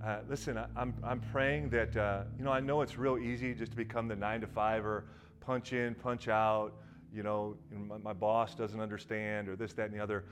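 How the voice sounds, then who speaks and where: A middle-aged man, a pastor, preaching a sermon in a conversational way, with many restarts and fillers, lively in stories and quiet and earnest in prayerful parts. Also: lowish voice, moderate pace, a little hiss or hum. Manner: animated storytelling that drops to a quiet, earnest tone.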